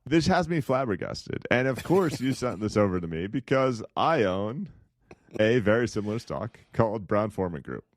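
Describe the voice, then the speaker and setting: Podcast co-host, male, low voice, dry close sound, rambling contrarian chat. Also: sing-song, normal speed, no room sound. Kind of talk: casual investing chat.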